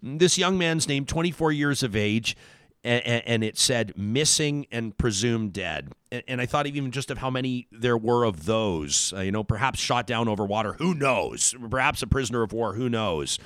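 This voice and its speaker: A radio talk show host speaks in a mid-range, expressive voice at a moderate pace, with a fairly bright tone. His delivery is rambling and earnest, full of restarts. The recording is dry and clean, with a studio sound.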